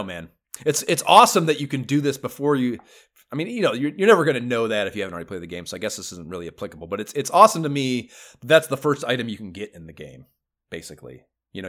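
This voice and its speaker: A man's voice: lowish voice, sharp tone. Guy on a gaming podcast, rambling, swears a lot, voice jumps all over the place. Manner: rambling, enthusiastic, swears freely. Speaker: podcast co-host. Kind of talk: casual gaming podcast chat.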